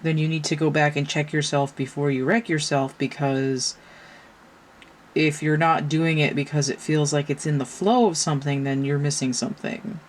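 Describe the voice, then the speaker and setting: A woman with a low, steady voice reads tarot casually at a normal pace, swearing a bit and speaking frankly. She keeps asking her listeners rhetorical questions, and a faint hiss or hum runs beneath the audio.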